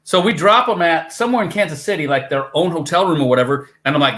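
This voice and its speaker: A man in a band tells road stories as a podcast guest, swearing freely and acting out what people said. His voice is bright and sits a bit high. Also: rapid-fire, few pauses. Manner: swearing, animated storytelling that acts out quotes. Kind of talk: casual storytelling.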